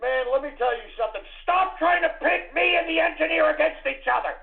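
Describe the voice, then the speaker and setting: A man's voice: extremely high pitch, fairly quick, creaky, phone-quality sound. A man hosting a call-in radio show, his voice sped up and chipmunk-like, ranting and swearing at callers. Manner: exasperated, swearing, shouting rants.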